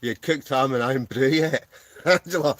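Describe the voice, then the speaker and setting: A Scottish man with a mid-range, slightly bright voice hosts a live stream from inside a camping tent for his wild camping channel. At a moderate pace he reads viewers' comments and their names aloud, joking and laughing often.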